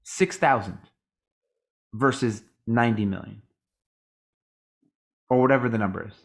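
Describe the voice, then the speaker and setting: A man's voice: mid-range voice, unhurried. A tired man co-hosting a podcast, rambling in casual chat, swearing freely and acting out other people's lines. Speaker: podcast co-host.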